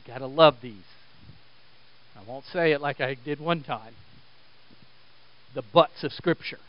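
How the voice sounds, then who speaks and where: A man preaching a sermon, swinging between loud, emphatic exhortation and quiet, intense stretches. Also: medium pitch, a little slow, long pauses, no room sound, muffled recording. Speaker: pastor.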